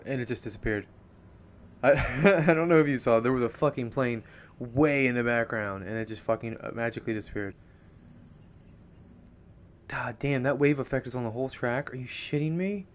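A young man giving casual, profane live commentary on a racing game, excitable and often laughing. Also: mid-range voice, moderate pace, long pauses, slight background noise. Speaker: streamer.

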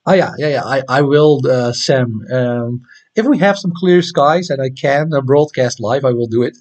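A man from the Netherlands with a Dutch accent hosts an astronomy livestream, his medium-pitched voice a little mellow at normal speed. He chats casually and reads viewer comments, with many hesitant ums and restarts.

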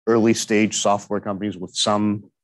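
Low-voiced man, measured and explanatory. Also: little pitch movement, dry recording. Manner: measured, explanatory, with frequent fillers. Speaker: venture capital guest. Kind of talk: conversational interview.

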